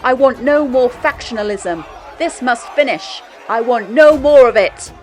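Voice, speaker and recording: A woman voicing a defiant male French general, declaiming loudly with her voice raised. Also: fairly high pitch, lively intonation, a little slow, soft background music, some chatter behind, voice pushed up. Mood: shouting.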